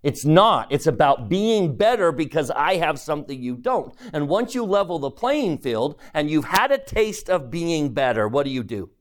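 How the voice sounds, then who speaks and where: A man teaching a scripture lesson, animated and emphatic, asking rhetorical questions and reading a picture book aloud. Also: fairly high pitch, normal speed, hardly any pauses. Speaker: religious teacher.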